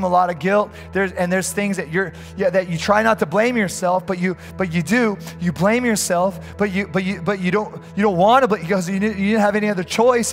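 A man preaching a fervent sermon as a pastor, stumbling over restarts as he tells a story. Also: high-pitched.

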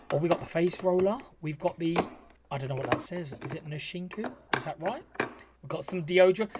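A man's voice: sits high, heavy background noise. A man gushing through cheeky, camp reaction commentary. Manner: camp, cheeky, gasping and squealing. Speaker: reaction video host.

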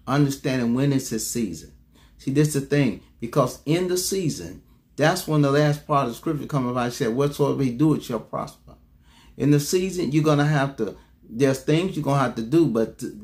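A man with a darkish tone preaches a sermon, repeating his key lines and calling out to the congregation for a response. He makes sudden jumps in pitch for emphasis.

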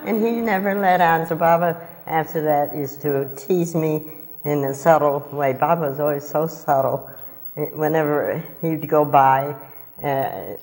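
An older woman with a low voice shares memories in front of a gathering. She laughs often and puts on a higher voice for quoted lines. Her words ring out with the long reverb of a large hall. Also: darkish tone. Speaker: family member recounting memories. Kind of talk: casual storytelling to a group.

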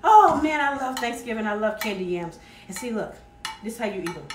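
A woman with a Southern American accent hosts a live cooking stream from her home kitchen, speaking briskly in a slightly high voice with lively intonation. She's folksy and chatty, addressing viewers directly and reading their comments aloud. The audio is roomy, the mic sits some distance away, and the background is noisy.

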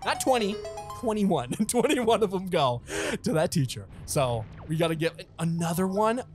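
Excitable man with a lively voice. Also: high voice, moderate pace, soft background music. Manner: excitable, laughs often, talks to the game. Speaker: gaming channel host. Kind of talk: let's play commentary.

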